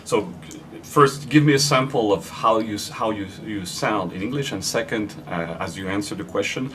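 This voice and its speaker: A man from France with a French accent interviewing an actress, halting and searching for his English words. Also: fairly low pitch, fairly bright tone, recorded from a distance. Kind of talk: interview questions. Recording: voice from off-mic.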